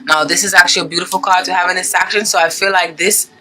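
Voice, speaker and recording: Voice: mid-range voice, steady tone, quick pace, sharp tone, low-quality recording. A tarot reader in a casual, rambling style who keeps checking in with viewers by asking "okay?" and reads card meanings aloud between asides. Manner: chatty, rambling, many "okay?" check-ins.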